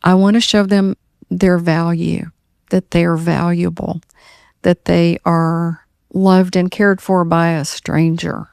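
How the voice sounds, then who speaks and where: An older woman, a guest in a candid therapy conversation, speaking in an earnest, halting way and repeating her words. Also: on the low side, level tone, creaky, a little mellow, clear, resonant tone, no echo, clean studio sound. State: tearing up.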